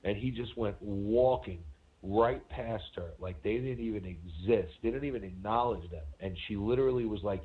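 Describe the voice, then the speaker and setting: A man's voice: lowish voice, normal speed. Man telling a story over a tinny line. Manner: animated storytelling, swearing. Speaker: podcast co-host. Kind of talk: casual chat. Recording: phone-like narrow sound.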